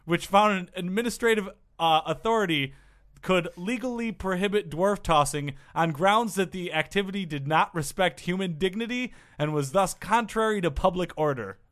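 A man with a fairly high voice hosts a loose, comedic group chat. He reads out facts with stops and restarts, then drifts into jokey asides. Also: normal speed, fairly bright tone. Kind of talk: casual chat, reading from an article.

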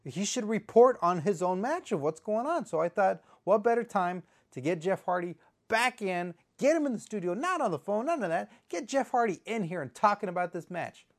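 A man's voice: high voice, big pitch swings, moderate pace, hardly any pauses. Flustered stammering male sketch host. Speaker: show host. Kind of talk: comedy sketch interview.

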